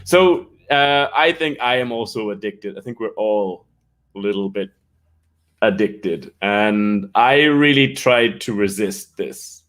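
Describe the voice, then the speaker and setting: A man's voice: lowish voice, lively intonation, takes it slowly, fairly bright tone. An Irish man hosting a casual live-stream chat for English learners, greeting viewers by name and laughing often. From Ireland.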